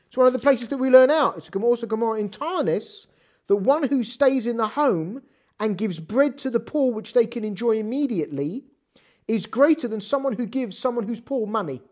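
An animated Torah teacher works through a text, firing off rhetorical questions. The pitch swings widely up and down. Hebrew terms are read out along the way. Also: moderate pace. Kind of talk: text study lesson.

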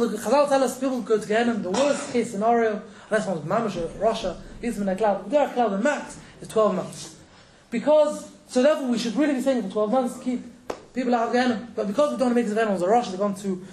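A man teaching a casual religious lesson, quick and joking, chuckling between points. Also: very high voice, a little mellow, reverberant, poor audio. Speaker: rabbi teaching a class.

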